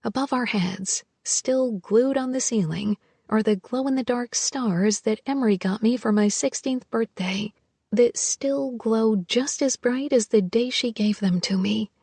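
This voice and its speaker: A woman narrating a first-person romance audiobook in a soft, hushed, intimate way. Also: fairly high pitch, a little slow, breathy edge, no room sound.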